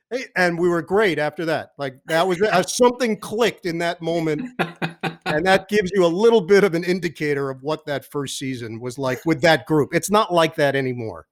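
A man who works as a sports broadcaster, telling lively anecdotes as a podcast guest and mimicking the people in them. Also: fairly high pitch, moderate pace. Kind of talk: animated storytelling in a podcast interview.

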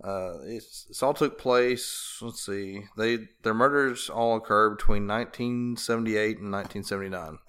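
A man's voice: lowish voice, moderate pace, few pauses, pushed and bright, clear, resonant tone. Rambling, joking male podcast co-host. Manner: rambling storytelling with laughter and crude jokes. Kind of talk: casual chat.

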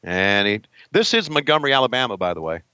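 Joking middle-aged podcast host, bright voice. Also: male voice, fairly low pitch, sing-song, fast, clear, resonant tone, no echo, muffled recording. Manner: joking, laughs often. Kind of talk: casual watch-along chat.

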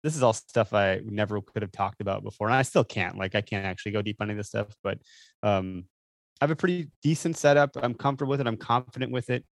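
Lowish guy rambling on a podcast, lots of ums, dry sound. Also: fast talker, gravelly, no echo. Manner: rambling, animated storyteller with lots of fillers. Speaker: guest. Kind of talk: casual chat.

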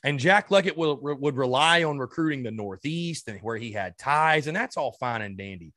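A man's voice: mid-range voice, animated, moderate pace, pushed and bright, no room sound, studio quality. Furious ranting male podcast host. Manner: heated and ranting, swearing, with many stammered restarts. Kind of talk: sports fan rant.

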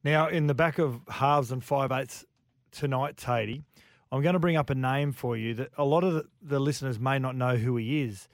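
A man's voice: mid-range voice, moderate pace, no room sound, studio quality. A man with an Australian accent hosting sports radio, feeding questions to a guest with a teasing tone. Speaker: radio host. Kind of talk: casual radio chat. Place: radio studio.

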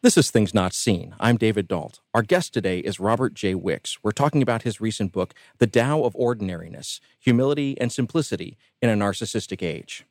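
A man hosting a radio interview show, speaking in a measured, clearly enunciated way into a studio microphone. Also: lowish voice, lively intonation, a little mellow, dry recording.

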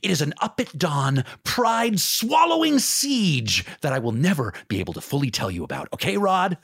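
A man doing a desperate male sports agent, high-pitched and strained, with the voice cracking toward a cry as he pours out his heart. The tone swings wildly from one phrase to the next. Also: big pitch swings, moderate pace, a bit bright, husky, heavily acted. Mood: overwrought. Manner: emotional, rising to a cry.

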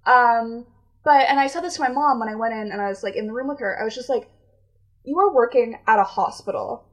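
A young woman casually telling a long story on a chat podcast, animated and acting out the people she met. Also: a little high, quick pace.

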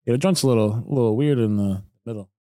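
A man's voice: medium pitch, quick pace, warm tone, dry recording, clean studio sound. A young man in casual, slangy podcast chat, laid-back and laughing often. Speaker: podcast co-host.

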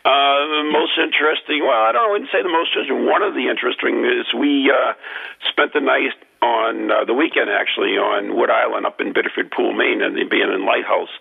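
Gravelly man on a phone line. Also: mid-range voice, fairly quick. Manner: hesitant, many ums and uhs. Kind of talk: casual chat telling a ghost story. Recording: tinny phone-line audio.

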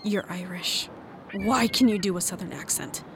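A woman's voice: mid-range voice, normal speed, background noise, lightly acted. A woman playing a sullen, sarcastic character who grumbles and snaps back.

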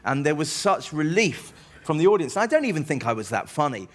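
A man's voice: fairly high pitch, very animated, a little fast. A man, a comedian telling rambling, self-deprecating stories as an interview guest. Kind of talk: anecdotal interview chat.

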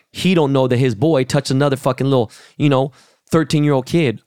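In studio-quality audio with no echo, a middle-aged podcast host from Los Angeles, California, rants casually in a blunt, profane and heated way. His voice is mid-range, clear, resonant and slightly mellow. He speaks at a fairly quick pace.

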